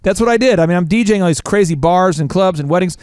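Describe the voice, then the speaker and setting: A middle-aged man from Oklahoma hosting a podcast, telling stories in an animated, self-mocking way. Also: sits high, quick pace, clean tone, no room sound, studio quality. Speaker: podcast host. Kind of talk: casual chat.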